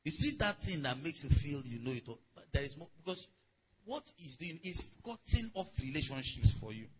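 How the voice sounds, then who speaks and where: A man's voice: on the high side, big pitch swings, moderate pace, slightly rough, low-quality recording. A man preaching a sermon in a conversational way, calling on the congregation to respond. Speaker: pastor.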